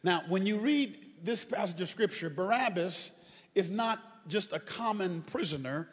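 Male preacher, high and animated, joking asides into shouted fervor, reverberant church. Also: unhurried. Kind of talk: sermon. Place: church sanctuary.

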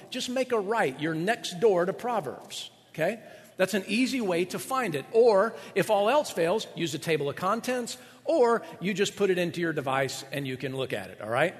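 A man preaching a sermon as a pastor, animated and joking, with quick asides to his listeners. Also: high-pitched, in a large hall.

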